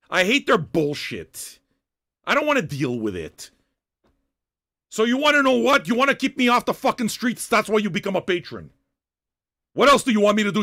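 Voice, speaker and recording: Gravelly, animated older man ranting. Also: sits high. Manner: loud, swearing, half-shouting tirades. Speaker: livestream host reacting to music. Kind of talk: profane rant at chat viewers.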